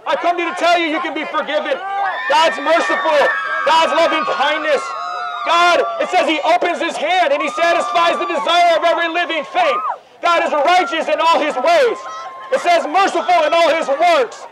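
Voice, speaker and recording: Man, very high voice, fervent street preacher, loud crowd and traffic behind. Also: fairly even intonation, moderate pace. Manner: fervent, repetitive, quoting scripture. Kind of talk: open-air preaching. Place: outdoors on an urban street. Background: loud crowd and street noise.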